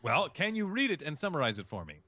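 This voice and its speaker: A man with a mid-range voice whose pitch moves a lot as he explains his craft. He talks emphatically and repeats key phrases to drive a point home. The recording is dry, with no trace of a room. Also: huge pitch swings, fast talker, pushed and bright, no room sound. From Chicago. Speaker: voice-acting guest. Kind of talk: instructive interview answers.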